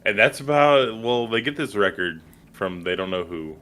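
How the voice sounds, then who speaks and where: A man co-hosting a movie podcast in casual chat, relaxed and offhand. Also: lowish voice, normal speed. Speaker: podcast co-host.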